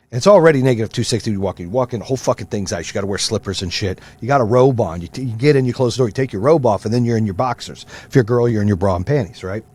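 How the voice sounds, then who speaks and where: Fired-up swearing male podcast host. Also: fairly low pitch. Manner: loud, swearing, fired-up and ranting. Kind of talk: profane motivational rant.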